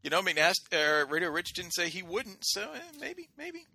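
A man's voice: high-pitched, sing-song, moderate pace, pushed and bright. A man co-hosting a podcast in casual chat, mock-boastful and theatrical as he jokes with his friends. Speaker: podcast co-host.

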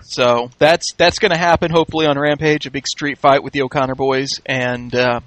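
A man's voice: mid-range voice, steady tone, brisk, a bit bright, dry recording. A man hosting a casual podcast chat, wry and joking, often laughing. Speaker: podcast host recapping a wrestling show.

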